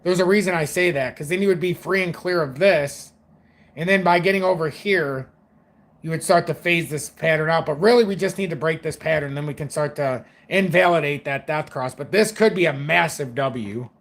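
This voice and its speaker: Man, young adult, casual market commentary, rambling and chatty, swears freely, voice on the higher side. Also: normal speed. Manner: rambling, profane, loose and chatty.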